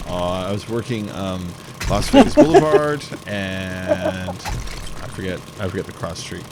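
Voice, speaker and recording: A man's voice: sing-song, measured pace. Chatty man streaming a game. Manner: chatty, laughs while retelling jokes. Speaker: gameplay streamer. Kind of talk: casual chat while playing. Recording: noisy with engine rumble.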